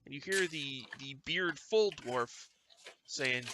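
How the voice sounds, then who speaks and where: A man narrating a tabletop game as game master, animated and getting loud when he puts on character lines. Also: fairly high pitch, slow, slight background noise.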